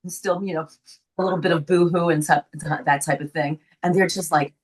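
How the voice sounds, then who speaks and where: An older actress from the Bronx with a faint New York accent, telling stories in a casual interview and laughing often. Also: female voice, on the low side, brisk. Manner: animated storyteller, laughs often. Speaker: actress guest.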